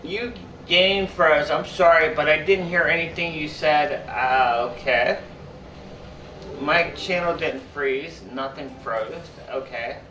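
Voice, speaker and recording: A man's voice: a little high, slow pace, pushed and bright, a little hiss or hum. A young man live-streaming, chatting casually to his viewers in a rambling, repetitive way that keeps restarting its sentences. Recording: echoey room, far from mic.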